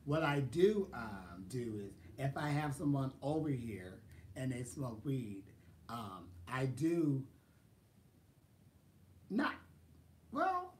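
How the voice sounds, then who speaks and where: A man telling stories in a casual vlog, sassy and animated, laughing often. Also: medium pitch. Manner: sassy, animated, laughs often, quotes people in exaggerated voices. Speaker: vlogger. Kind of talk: casual storytelling chat.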